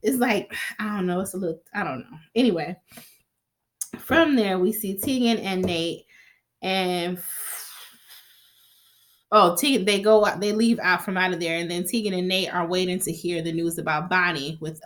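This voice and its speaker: A woman's voice: fairly low pitch, normal speed, pauses often, a bit bright. A woman giving a casual, chatty recap of a TV episode, swearing freely and acting out the characters' lines. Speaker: TV recap vlogger.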